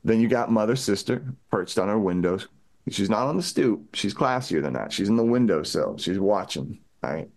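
A man with a very deep voice talks casually and eagerly about a movie with his co-host. He breaks down characters one by one in a relaxed conversational way. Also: normal speed. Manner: enthusiastic, recaps characters conversationally. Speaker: podcast co-host. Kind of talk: casual film discussion.

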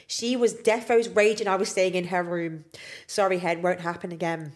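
Woman podcaster, young, animated and sweary, laughs a lot. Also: lowish voice, normal speed. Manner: expressive, swears freely, laughs often. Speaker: podcast co-host. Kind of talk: casual chat, reading listener stories.

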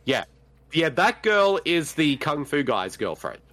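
A man's voice: on the high side, sing-song, unhurried, fairly bright tone. A man co-hosting a podcast, chatting casually through a movie commentary and laughing often. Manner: laughs often, riffs jokingly. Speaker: podcast co-host.

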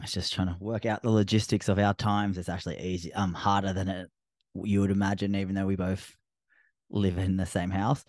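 A man's voice: low-pitched, darkish tone, dry recording. An Australian man, a fitness coach hosting his own podcast, talking casually and rambling a little, with frequent ums and restarts. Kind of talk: casual solo podcast talk.

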